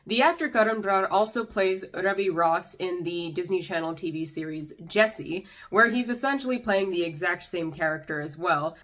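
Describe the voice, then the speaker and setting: Young female vlogger, lower pitch, sarcastic and exasperated commentary delivery. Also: normal speed, few pauses, a bit bright. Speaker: YouTube commentator. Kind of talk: ranting commentary vlog.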